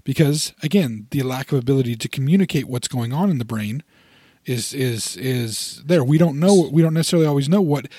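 A man's voice: mid-range voice, expressive, a little fast, mellow, breathy edge, no echo, studio quality. A man on a podcast, chatting casually and explaining a point, often repeating and restarting words as he builds little examples.

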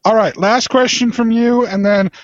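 Brief: playful, emphatic trivia co-host, man, high voice, dry lo-fi recording. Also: steady tone, moderate pace, no echo. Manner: joking, emphatic, playfully combative. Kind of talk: casual trivia chat.

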